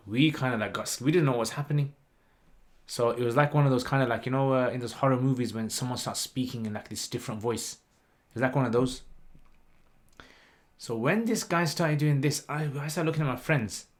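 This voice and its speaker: A man, hosting a livestream and telling a story in a rambling, lively way with lots of fillers. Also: medium pitch, a little fast. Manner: rambling, animated retelling with many "like" and "you know" fillers. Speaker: channel host.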